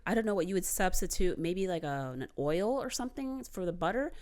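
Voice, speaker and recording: A woman's voice: on the low side, lively intonation, a little fast, darkish tone. Upbeat woman co-host laughing often. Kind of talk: casual comedic chat.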